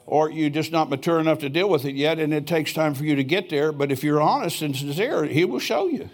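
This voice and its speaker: Man, older, preacher, church sermon, folksy storytelling, slightly high voice. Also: brisk. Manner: folksy storytelling, chuckling asides. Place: church sanctuary.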